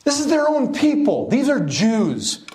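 A man preaching a sermon as pastor, emphatic and animated, full of rhetorical questions and quick restarts. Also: very high-pitched, echoey room.

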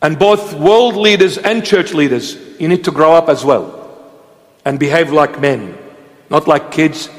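High-voiced man preaching slowly in a hall. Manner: emphatic, preachy, repeats short commands. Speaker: bishop. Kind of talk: sermon.

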